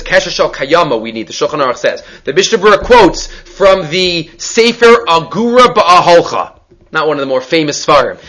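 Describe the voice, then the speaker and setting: Male Talmud teacher, high voice, brisk explainer who repeats key points. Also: fairly bright tone. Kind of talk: Talmud study class.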